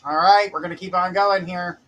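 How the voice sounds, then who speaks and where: A man's voice: sits high, fairly even intonation, fairly quick, a bit bright, low-quality recording. A man hosting live psychic readings on a stream, casually calling viewers by name to ask their questions. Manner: calls out viewer names from a list, jokes about mispronouncing them. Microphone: live-stream mic with glitches.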